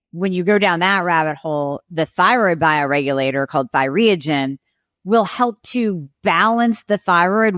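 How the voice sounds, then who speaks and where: A woman with a fairly low voice explains things as an expert guest on a podcast. She walks through each point step by step and now and then acts out short exchanges between a patient and a doctor. The sound is dry and close. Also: fairly bright tone, no room sound. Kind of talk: podcast interview.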